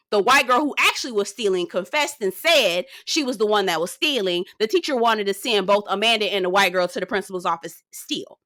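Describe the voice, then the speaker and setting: Bright, fired-up woman ranting to viewers. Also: medium pitch, no room sound. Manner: sassy, hollering, talks straight to viewers. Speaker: gossip commentary host. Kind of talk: ranting recap commentary.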